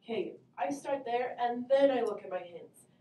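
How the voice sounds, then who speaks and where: A woman's fairly high, mellow voice with lively intonation moves briskly through a math lesson as she cheerfully asks questions and calls on students in turn. Captured on a distant camera mic, the classroom sounds roomy and far away, with a faint hum behind her.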